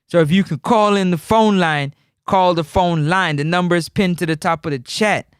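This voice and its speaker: A man hosting a live call-in football show, teasing and animated in his street slang. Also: high-pitched, moderate pace, clean tone, no room sound, clean studio sound. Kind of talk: casual live sports talk.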